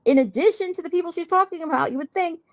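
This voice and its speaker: A woman's voice: extremely high pitch, fast talker, no room sound. A woman creator on a livestream, airing grievances in an aggrieved, repetitive way. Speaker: online creator. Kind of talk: livestream complaint.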